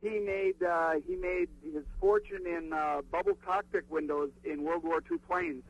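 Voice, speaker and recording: A man's voice: sits high, expressive, measured pace. A man from Minneapolis calling into a radio show, chatting easily and hesitating often. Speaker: caller. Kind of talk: phone-in chat. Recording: dull call-in line.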